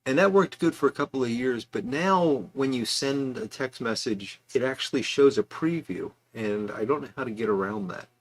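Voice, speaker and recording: A man's voice: mid-range voice, normal speed, few pauses. Male livestream host, mid-range voice, loose and chatty, answers comments on the fly. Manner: chatty, reads viewer comments aloud with asides. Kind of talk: casual livestream chat.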